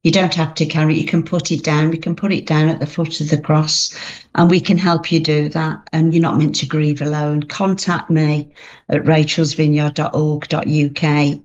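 A woman's voice: low-pitched, little pitch movement, normal speed, a little mellow, highs cut off. A woman as an interview guest, speaking earnestly about faith and grief and often repeating her phrases. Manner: earnest, repeats phrases, reads own poem aloud. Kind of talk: faith interview, personal testimony.

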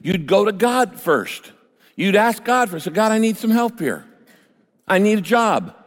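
An older male pastor preaches with a lively, swooping delivery, moving from story to emphatic points. His voice sits a little high for a man. Long reverb trails his words, as in a big church hall. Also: a little slow. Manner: storytelling, animated, rising to emphatic outbursts. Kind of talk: sermon.

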